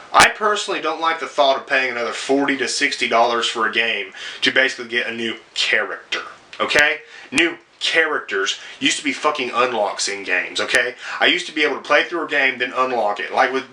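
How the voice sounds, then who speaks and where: Bright-voiced man ranting about games. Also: mid-range voice. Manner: profane, sarcastic, exasperated ranting. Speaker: video game reviewer. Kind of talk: ranting commentary video.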